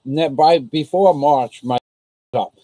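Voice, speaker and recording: A man's voice: fairly high pitch, slow, warm tone, no echo, poor audio. An American man vlogging from the Philippines, telling an indignant, rambling story on a casual livestream. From United States.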